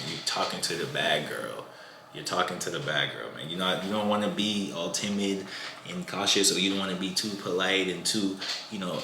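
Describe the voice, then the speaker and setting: Low-voiced guy rambling dating tips, bright edge, echoey room w faint hiss. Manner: loose and conversational, repeats "you know what I'm saying". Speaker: dating advice vlogger. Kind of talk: casual advice monologue to camera.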